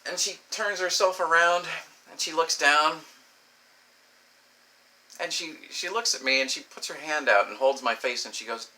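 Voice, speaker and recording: A middle-aged man telling a crude personal story, animated and swearing freely. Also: fairly high pitch, normal speed, long pauses. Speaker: comedic storyteller.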